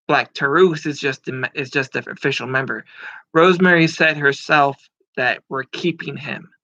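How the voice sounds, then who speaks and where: A man's voice: mid-range voice, vocal fry, sharp tone, dry recording. A man in his thirties giving casual, rambling wrestling predictions, with frequent fillers and casual swearing. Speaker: wrestling commentator. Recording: muffled lo-fi dry recording.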